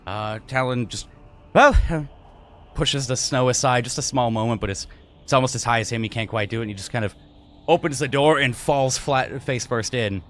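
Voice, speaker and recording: A man runs a tabletop game as its narrator, with a voice of middling pitch. He talks in a relaxed, unhurried way and stops often for filler words. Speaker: game master.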